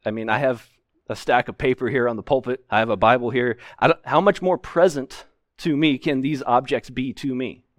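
At the pulpit of a church sanctuary, a pastor gives an expository sermon, explaining scripture earnestly and with emphasis. His medium-pitched voice has fairly even intonation and a moderate pace, recorded at studio quality with no room sound.

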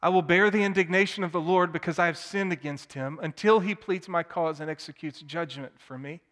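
A man preaching a sermon, swinging from hushed tones to loud, emphatic declamation. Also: on the high side, fairly quick. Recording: long hall reverb.

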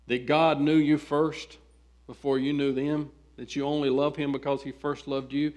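In a medium-pitched voice, a male pastor works through an expository sermon, reading scripture and quizzing his listeners. His delivery moves from soft asides to emphatic, loud pleading.

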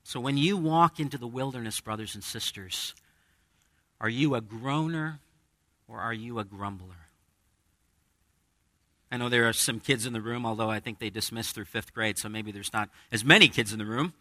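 A man's voice: mid-range voice, moderate pace, pauses often, bright, forceful tone, no echo. A man preaching a sermon as pastor, conversational, with dramatic quoted asides. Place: church with a congregation.

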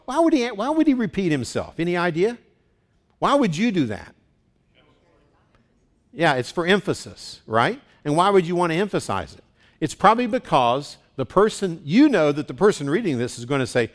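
A pastor preaching a sermon in church in a conversational way, asking the congregation questions. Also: male voice, a little high, sing-song, normal speed.

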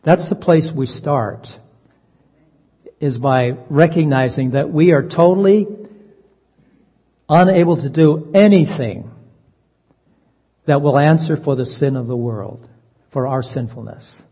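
A man's voice: fairly high pitch, mellow, slightly rough. Earnest male preacher in a reverberant hall. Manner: earnest, slows down to stress key phrases. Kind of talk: sermon. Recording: dull lo-fi sound, long reverb.

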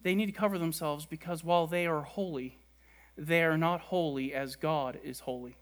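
A man preaching a sermon, stressing words by repeating them and letting key lines fall quiet and low. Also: steady tone, normal speed. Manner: emphatic, repeats words for stress, drops soft at ends. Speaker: pastor.

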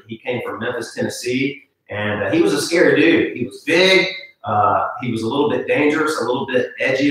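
A man, a pastor, preaching a sermon with a personal story, animated and repeating words when excited. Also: medium pitch. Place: church sanctuary. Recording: live stream from far in an echoey church.

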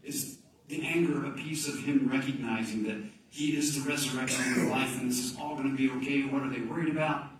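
A man's voice: medium pitch, slight background noise. Male pastor, distant mic in a very roomy hall, faint ambience; dynamic delivery dropping to near-whispers. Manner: dynamic, swings from loud emphasis to hushed near-whispers. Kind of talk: sermon.

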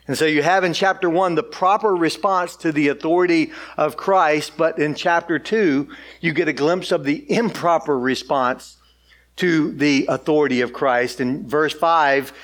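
A high-voiced male pastor delivering a sermon. He reads scripture aloud and then explains it in a loose, conversational way, often saying "like.". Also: fairly bright tone. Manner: casual, conversational, frequent "like". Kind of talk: sermon with Bible reading.

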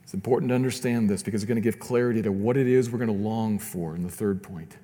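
A man's voice: fairly low pitch, quick pace, warm tone, in a large hall. A man preaching a sermon as pastor, earnest and often repeating words as he builds his points.

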